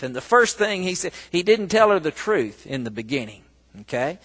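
A man preaching a sermon, telling a story slowly and breaking into loud, emphatic bursts. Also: on the high side. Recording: long reverb of a large hall.

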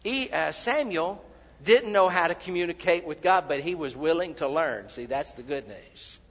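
A man preaching a sermon, who acts out the voices of the people he quotes and repeats words when he gets excited. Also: fairly high pitch, normal speed, slightly rough. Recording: dull sound in a big reverberant hall.

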